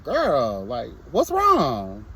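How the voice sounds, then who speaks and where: A man's voice: medium pitch, huge pitch swings, drawn-out words, bright, forceful tone, slightly rough. A young man reviewing a reality show in a casual vlog, sassy and blunt, breaking into mocking impressions.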